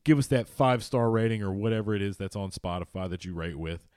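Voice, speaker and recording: A man's voice: fairly low pitch, fast talker, darkish tone, clean tone, no echo, studio quality. A man co-hosting a casual sports podcast, loose and rambling, swearing freely. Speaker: podcast co-host.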